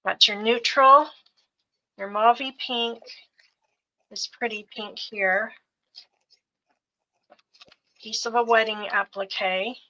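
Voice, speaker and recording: A middle-aged woman slowly showing off craft supply bundles piece by piece on a live sales show. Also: fairly high pitch, fairly even intonation, pushed and bright, muffled recording, slight background noise. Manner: unhurried, listing items one by one.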